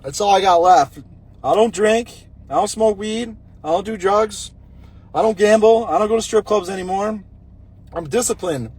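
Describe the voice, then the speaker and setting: Casting: young man, husky and high-pitched, blunt rambling storyteller. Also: moderate pace, darkish tone. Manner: blunt, rambling, talks with nicotine pouch in mouth. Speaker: vlogger telling a personal story. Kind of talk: casual storytelling monologue.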